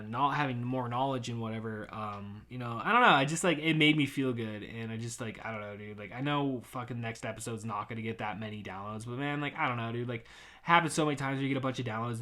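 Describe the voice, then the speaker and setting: A man in his thirties hosting a podcast, rambling through a frustrated rant with heavy swearing and many fillers, swinging between loud outbursts and mumbling. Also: medium pitch. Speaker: podcast host. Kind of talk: casual rant.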